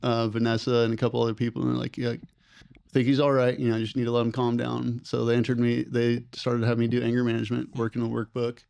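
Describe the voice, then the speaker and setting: A young adult man, formerly a program participant, tells his story on a podcast in a casual, rambling way and grows animated when quoting others. His voice is mid-range, fast and clear, with vocal fry and a resonant tone.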